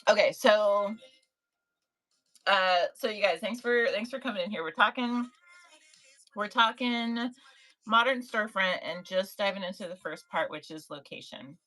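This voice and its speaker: A woman's voice: mid-range voice, a little slow, pauses often, a bit bright, low-quality recording. A woman hosting a casual livestream for online sellers, chatty and encouraging, greeting viewers from the chat by name. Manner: chatty, encouraging, reads chat names aloud.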